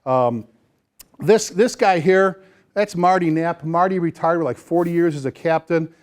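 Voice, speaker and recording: A man speaking as a fire chief at a seminar, energetic and folksy, repeating phrases for emphasis. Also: a little high, unhurried. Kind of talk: motivational seminar talk to firefighters. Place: seminar room before a live audience.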